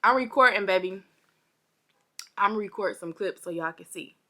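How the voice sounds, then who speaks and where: Bright-voiced woman vlogger, a bit parched. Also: medium pitch, normal speed. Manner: animated, chatty, talks straight to viewers. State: parched, a bit under the weather. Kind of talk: casual storytime vlog.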